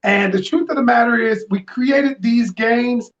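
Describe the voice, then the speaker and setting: A man with a high voice makes an eager, salesy pitch as a guest. The room sounds echoey and the audio is dull and lo-fi. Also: a little slow, fairly bright tone. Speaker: game creator and guest. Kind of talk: casual interview chat.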